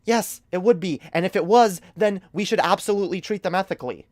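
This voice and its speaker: A man's voice: high voice, fast, no room sound, studio quality. A man streaming a heated, casual commentary rant, emphatic and profane, often stumbling over repeated words.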